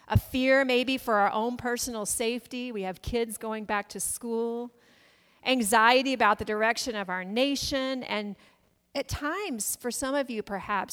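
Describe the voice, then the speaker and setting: A woman pastor delivers a sermon in a relaxed, storytelling manner, turning to the congregation with questions. Her voice sits a little high and sounds smooth and clear. The sound carries a long reverb from the church sanctuary.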